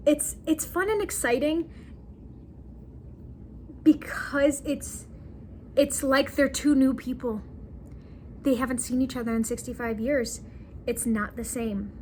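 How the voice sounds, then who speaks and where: A young woman vlogging about a movie in casual chat, giggly and animated, acting out the characters' lines. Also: sits high, slow, pauses often, a little hiss or hum.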